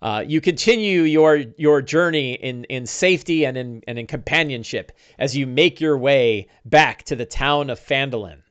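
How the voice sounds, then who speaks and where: A man's voice: medium pitch, moderate pace, few pauses, clear, resonant tone, muffled recording. Rambling male game master. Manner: rambling, with frequent fillers and restarts. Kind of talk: narrating a tabletop game.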